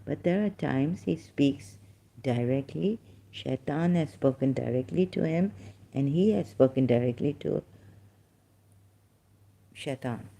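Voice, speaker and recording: A man from Pakistan speaks in a solo live stream, his voice dark and mellow with a gravelly fry. He talks very slowly and haltingly, full of hesitations and trailing asides. At times he sinks into a soft whisper. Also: mid-range voice.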